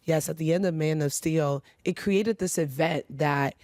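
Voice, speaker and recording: A woman's voice: low-pitched, moderate pace, a little mellow, no room sound. A woman with a New York accent co-hosts a podcast, chatting casually and with enthusiasm. She laughs easily, and the recording is close and dry with no room sound. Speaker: podcast co-host. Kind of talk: casual chat.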